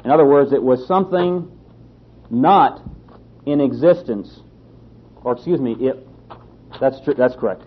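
A man's voice: mid-range voice, a little slow, pauses often. Emphatic male Bible teacher, lo-fi. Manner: emphatic, repeats key phrases, asks rhetorical questions. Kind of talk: sermon. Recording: slightly dull lo-fi sound.

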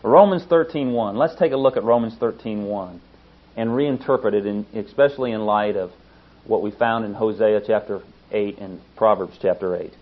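Earnest man teaching scripture, lo-fi. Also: moderate pace. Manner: earnest, emphatic, rises in pitch to stress points. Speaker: Bible teacher. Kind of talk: sermon-style Bible teaching. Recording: dull lo-fi recording.

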